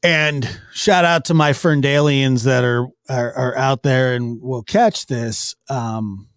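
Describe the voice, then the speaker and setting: A man's voice: mid-range voice, steady tone, takes it slowly, clean tone, dry recording. Rambling man in dry close-mic commentary. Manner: rambling, restarts and chuckles. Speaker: streamer reacting to news clips. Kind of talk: casual commentary.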